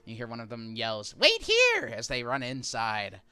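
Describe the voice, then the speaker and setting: A man's voice: medium pitch, level tone, normal speed, bright, forceful tone, clear, resonant tone, dry recording. A man narrating a tabletop game as game master, describing scenes in a rambling, filler-heavy way.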